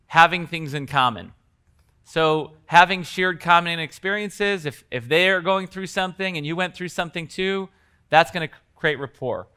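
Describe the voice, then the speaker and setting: A man's voice: fairly high pitch, bright, forceful tone, clear, resonant tone. A man teaching coaches at a live workshop in a conversational way, acting out bits of example dialogue. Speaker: coaching trainer.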